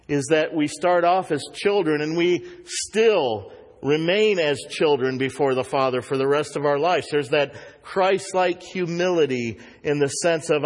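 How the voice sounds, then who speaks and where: A man preaching a sermon as pastor, earnest, rising higher and louder when he exhorts. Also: long reverb tail.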